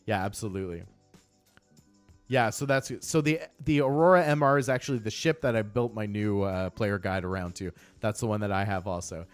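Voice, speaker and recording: A man's voice: medium pitch, moderate pace, no echo, soft background music. A man chatting casually on a game live stream, upbeat and greeting viewers by name.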